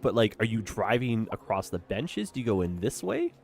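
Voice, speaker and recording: A young man talks through a city-building game in an easygoing, upbeat stream commentary, often ending his thoughts with "eh". His voice sits low with a gravelly edge but bounces around a lot in pitch. Faint music plays behind him. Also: sing-song, moderate pace. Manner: chatty, upbeat, tag questions with "eh". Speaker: gaming streamer. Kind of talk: casual let's-play commentary.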